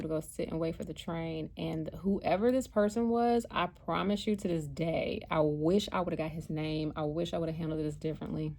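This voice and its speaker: A chatty American woman tells a story from her travels, her voice low and gravelly. She talks casually and animatedly, slipping into the voices of the people she met. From United States. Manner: chatty, animated, acts out quotes. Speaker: vlogger and spiritual card reader.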